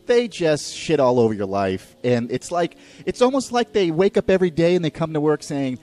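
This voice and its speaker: Ranting New male host, very expressive pitch, swears freely, mocks with silly voices, light music bed. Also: normal speed, hardly any pauses. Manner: profane, animated ranting with mocking put-on quotes. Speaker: podcast host. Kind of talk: ranting comedic monologue.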